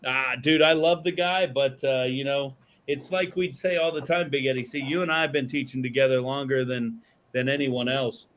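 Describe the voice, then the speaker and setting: A man's voice: mid-range voice, steady tone, moderate pace, fairly bright tone, a little hiss or hum. A man hosting a podcast in casual chat, rambling and swearing freely, with lots of fillers and restarts. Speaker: podcast host.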